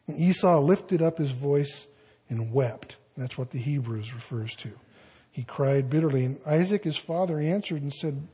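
A man's voice: mid-range voice, measured pace, dark tone, slightly rough. A man preaching a sermon, reading scripture and breaking off into folksy, conversational asides.

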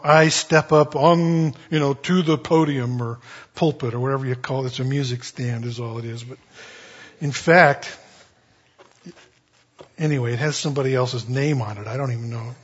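Husky folksy male preacher. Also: on the high side. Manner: folksy, conversational, animated storytelling. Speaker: pastor. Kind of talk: sermon. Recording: dull lo-fi recording.

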